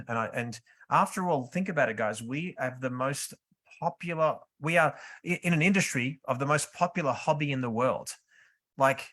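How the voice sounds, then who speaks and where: A man's voice: medium pitch, a bit bright. A man, a photographer, giving reflective voice-over commentary on his work in an earnest, enthusiastic way with small restarts.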